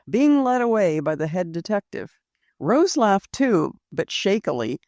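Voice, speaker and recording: A woman reads a classic story aloud in scripted audiobook narration. Her voice moves freely in pitch as she tells it. The sound is dry and close to the mic. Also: no echo. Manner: expressive storytelling.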